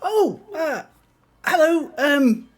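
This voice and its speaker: A man's voice: very high-pitched, animated, extremely slow, voice pushed up, heavily acted. A man voicing a friendly woman baker in a tabletop game. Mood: chirpy.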